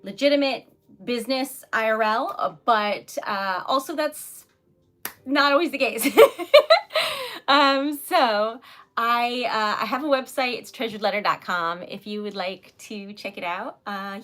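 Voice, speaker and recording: Woman, Rhode Island accent, young adult, casual livestream chat, giggly, sidetracked, high-ish voice. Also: measured pace, sharp tone. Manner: giggly, chatty, easily sidetracked. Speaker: livestreaming poet and craft seller.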